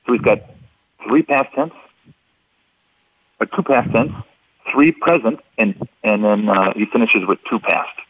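A man's voice: fairly low pitch, animated, a little slow, long pauses, husky, no room sound, phone-quality sound. A man explaining clues in how people speak, as an interview guest, in a patient and methodical way that repeats key points. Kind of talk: instructive radio interview.

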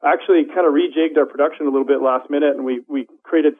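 Canadian dude on the phone, tinny line, relaxed and chatty. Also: male voice, on the high side, fast talker, slightly rough. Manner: easygoing, explains with fillers. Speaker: phone-in guest from a kayak company. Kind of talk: casual phone interview.

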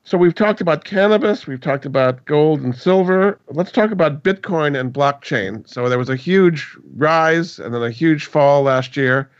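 A man's voice: fairly high pitch, animated, moderate pace, few pauses, dry recording. A man hosting a finance radio show, interviewing a guest and often repeating words as he asks his questions. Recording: dry, dull lo-fi radio sound.

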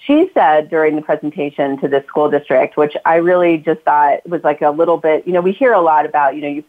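A woman's voice: deep voice, a little fast. A woman author, a guest in a casual interview, who talks at length and acts out the lines she says to her children. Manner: talkative, acts out quoted lines to her kids. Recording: tinny phone-like line.

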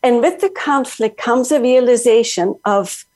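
A woman's voice: on the high side, unhurried, a little mellow. A woman author speaking as a guest in an earnest, flowing motivational style. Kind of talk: motivational talk.

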